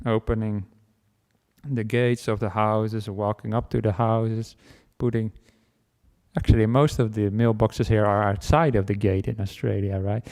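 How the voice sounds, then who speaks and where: A fairly low, darkish voice with little pitch movement and a slightly slow pace belongs to a Buddhist monk giving a funny dharma talk. Playful and self-mocking, he tells an invented story and acts out barking and chases.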